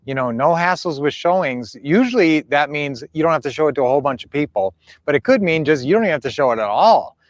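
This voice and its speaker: A middle-aged man hosts a casual coaching livestream for real estate buyers. He rambles in a folksy way with plenty of fillers, in a fairly high voice. The recording is dry and close. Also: lively intonation, fast talker, no room sound.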